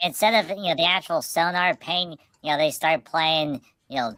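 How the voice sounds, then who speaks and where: A woman's voice: low-pitched, normal speed, few pauses, fairly bright tone, dry recording. A woman co-hosting a casual podcast chat, telling rambling stories full of restarts and fillers. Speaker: podcast co-host.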